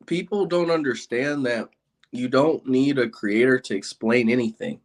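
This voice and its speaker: A male interview guest with a medium-pitched voice chats casually at normal speed, spinning animated stories and laughing often.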